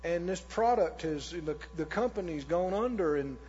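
A man's voice: animated, darkish tone, a little hiss or hum, natural voice. A man acting out a discouraged churchgoer who hesitantly makes excuses. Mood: resigned. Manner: hesitant, halting, low and subdued. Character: discouraged adult doubter in a congregation, making excuses. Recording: echoey hall, dull lo-fi sound.

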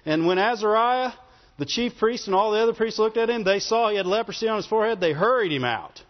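A man preaching a sermon in an animated way, often asking the congregation questions. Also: high voice, fast talker. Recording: dull sound with long hall reverb.

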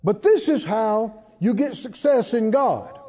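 A man's voice: high voice, expressive, measured pace, warm tone, in a large hall, highs cut off. A man preaching a sermon, asking the congregation questions and repeating key phrases for emphasis. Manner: preacherly call-and-response, emphatic repetition. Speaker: pastor.

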